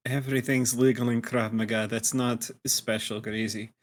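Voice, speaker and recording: A man's voice: level tone, moderate pace, natural voice. A man playing a dry, sarcastic hungover woman. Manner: low, quiet, sarcastic. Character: hungover, dry-witted young woman fighter.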